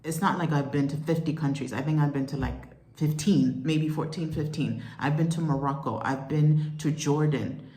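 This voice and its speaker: A woman vlogger telling a frightening travel story in a rushed, shaken, exclaiming way, still upset as she speaks. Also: deep voice, mellow, roomy sound. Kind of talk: emotional storytime recounting.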